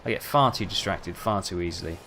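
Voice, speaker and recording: A young man chats casually over gameplay, telling rambling, self-mocking stories. His voice sits fairly low, and a faint hiss hums behind it. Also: brisk, a bit bright. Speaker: gaming video host.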